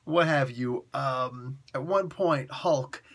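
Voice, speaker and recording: Man, husky voice, mid pitch, enthusiastic, rambling, laughing reviewer. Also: takes it slowly, a bit bright. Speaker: comic book reviewer, host. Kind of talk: excited solo review monologue.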